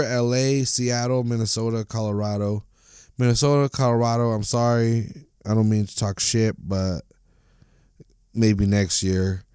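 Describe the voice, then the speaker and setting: Profane, ranting man with a low, mellow voice. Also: clean tone, dry recording, studio quality. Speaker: podcast host. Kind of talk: solo sports podcast rant.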